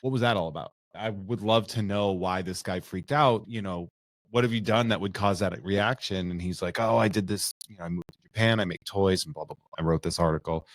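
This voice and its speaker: A man co-hosting a podcast, telling stories in a loose, profane, animated way. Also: low-pitched, a little fast, no room sound. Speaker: podcast co-host. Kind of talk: casual podcast chat.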